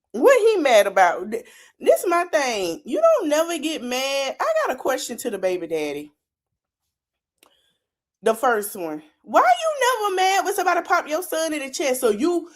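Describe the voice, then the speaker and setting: Animated, sassy woman podcast host. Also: fairly high pitch. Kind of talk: casual reaction commentary.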